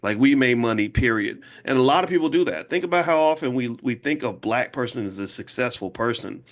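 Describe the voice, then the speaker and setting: A man in his fifties speaking to a live audience as a finance educator, emphatic and casual, repeating points slowly to drive them home. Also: mid-range voice, lively intonation. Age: 50s. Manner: emphatic, slow and repetitive for emphasis; casual, conversational, direct address. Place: room with an audience.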